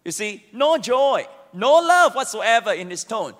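A man preaching a sermon, animated and calling on the congregation to answer back. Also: high-pitched, a little slow, few pauses, long reverb tail. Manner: animated, asks the congregation to respond.

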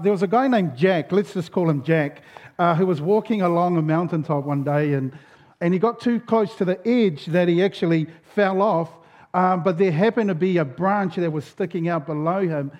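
A man's voice: high-pitched, darkish tone. A man, a pastor giving a sermon in a casual storytelling way, with a tired voice full of fillers and restarts. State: voice going. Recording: dull lo-fi sound.

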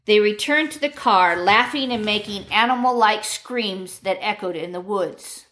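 Woman narrating true crime, grave and measured. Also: mid-range voice, fairly bright tone. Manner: measured, grave reading with occasional slips.

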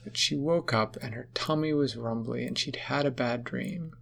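A woman telling a spooky Halloween story to children, slow and hushed, sometimes dropping into whispers. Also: a bass voice, creaky.

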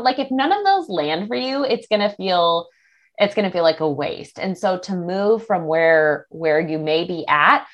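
A woman body image coach answering interview questions in a casual, animated way, acting out the thoughts of others. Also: lowish voice. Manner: animated, acts out quoted thoughts.

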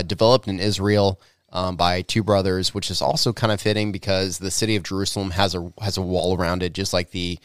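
A man's voice: sits low, clean tone, no room sound, studio quality. A man co-hosting a podcast, swearing freely and rambling in a joking, casual way. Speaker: podcast co-host. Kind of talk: casual chat.

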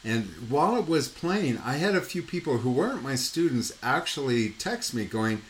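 Male painting coach, animated storyteller, loose and rambling with fillers, mid-pitched voice, faint noise underneath. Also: moderate pace. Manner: animated, mimics sounds and voices while telling stories; rambling, with frequent fillers like "you know" and "like". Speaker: painting coach and podcast host. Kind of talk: casual anecdotal storytelling.

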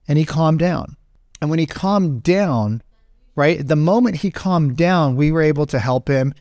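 A man in his late thirties or forties, a podcast host telling a rambling, animated story in casual talk. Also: fairly high pitch, a little slow, no room sound, clean studio sound. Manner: rambling, animated, acts out quoted voices.

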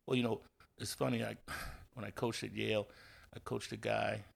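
Man, low gravelly voice, husky, coach, casual interview, storyteller with fillers and restarts. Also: moderate pace. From Indiana. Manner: animated storyteller, acts out quoted voices, many fillers and restarts. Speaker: guest, football coach.

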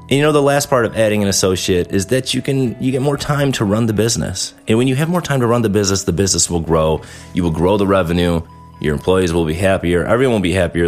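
Male host, 30s, low and expressive, chatty mentor tone over light background music. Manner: animated, conversational, acts out quick quoted asides. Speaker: dental practice owner and podcast host. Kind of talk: casual advice monologue.

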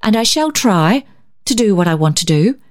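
Gentle but determined twenty-year-old woman in a storybook, soft and reassuring in a woman reader's voice. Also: mid-range voice, big pitch swings, normal speed, natural voice. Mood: tender earnest. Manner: tender, reassuring, calls her sister dear.

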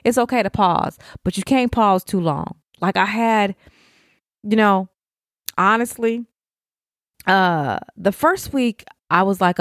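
A middle-aged woman hosting a podcast, talking with deep feeling and speaking straight to other mothers in casual, heartfelt chat. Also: lively intonation, measured pace, dry recording, studio quality. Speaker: podcast host. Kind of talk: heartfelt casual talk to listeners.

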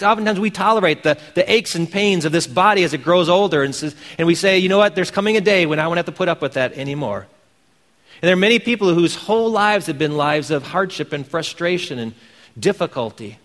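A man's voice: a little high, a bit bright, in a large hall. A man preaching a sermon as pastor, earnest, pressing his points with emphatic questions.

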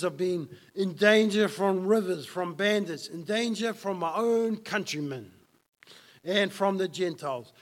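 A man's voice: high-pitched, fairly bright tone. A man preaching a sermon as pastor, emphatic and fond of repeating key lines for effect.

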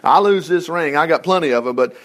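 This man teaches from the Bible in a casual, animated manner, reading verses aloud and interrupting with his own asides. His voice sits on the high side and his pace is brisk.

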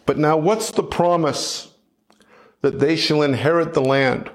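A middle-aged man preaching a sermon in a measured, reflective way, often restarting his phrases. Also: fairly high pitch, steady tone. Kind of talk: sermon teaching.

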